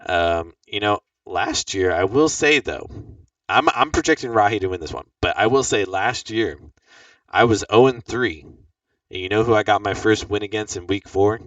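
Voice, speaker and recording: A man's voice: on the low side, moderate pace, a bit bright, no room sound, far from the mic, dull audio. A young man hosting a podcast, chatting in a loose, rambling way with lots of fillers. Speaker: podcast host. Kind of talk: casual chat about fantasy football.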